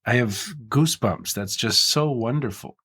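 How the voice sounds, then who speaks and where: A man's voice: mid-range voice, moderate pace, a bit bright, slightly rough. A man hosting an interview, responding emphatically to his guest. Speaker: podcast host.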